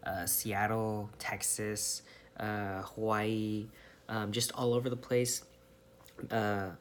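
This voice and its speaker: A man's voice: on the low side, level tone, slow pace, a little hiss or hum. A young man from California, musing casually on camera with lots of ums and restarts. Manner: rambling, many ums and restarts. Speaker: vlogger. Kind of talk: casual monologue.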